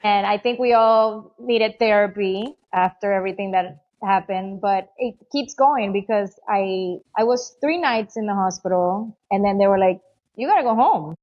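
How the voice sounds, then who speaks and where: A middle-aged woman guest telling a personal story in a casual interview, animated, acting out what others said. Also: mid-range voice, normal speed, few pauses, highs cut off. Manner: animated, acts out quoted voices, many "you know"s.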